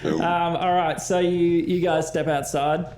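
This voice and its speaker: An Australian man narrating as dungeon master of a tabletop game, relaxed and hesitant with frequent ums. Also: on the high side, measured pace, creaky, a little hiss or hum.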